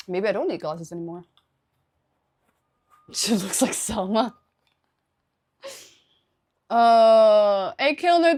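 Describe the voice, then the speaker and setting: A young woman with a slightly higher voice talks casually to her stream audience. She is chatty and laughs easily, stopping now and then to thank viewers for their subscriptions. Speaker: live streamer.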